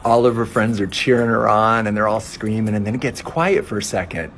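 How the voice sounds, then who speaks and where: A man's voice: fairly low pitch, brisk, a bit bright, a little hiss or hum. A man telling a stand-up story in a conversational, building manner.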